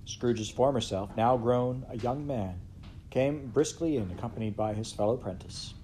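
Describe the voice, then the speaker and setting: A man reading a classic story aloud in an expressive way, with big swings in loudness and pitch. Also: moderate pace, a little hiss or hum. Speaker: storybook reader.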